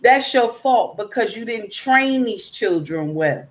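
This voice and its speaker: A woman's voice: fairly high pitch, lively intonation, a little slow. A woman hosting a casual livestream, reading out chat comments and lecturing emphatically, repeating her points and calling listeners baby and my dear. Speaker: live stream host reading chat.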